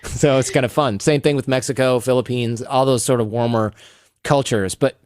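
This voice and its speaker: A man guesting on a podcast, telling stories in an animated way and acting out the people he quotes. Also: medium pitch, moderate pace, slight background noise. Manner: animated, acts out quoted people in raised voices. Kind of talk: storytelling interview talk.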